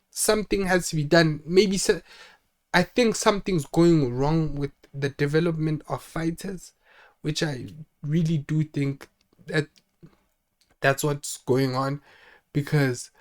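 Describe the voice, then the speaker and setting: Young guy rambling on his channel, kinda high voice, lots of "like" and restarts. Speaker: channel host. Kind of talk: casual solo talk.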